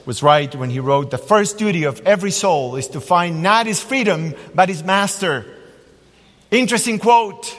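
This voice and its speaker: Animated male preacher in a reverberant hall. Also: high voice. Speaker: pastor. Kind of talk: sermon.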